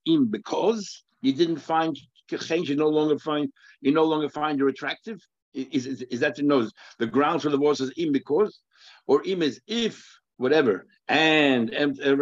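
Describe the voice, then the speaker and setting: A man's voice: medium pitch, dry recording. A man giving a daily Talmud class, thinking aloud, repeating phrases and weaving Hebrew and Aramaic terms into his English. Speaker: Talmud teacher. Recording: dry, dull lo-fi recording.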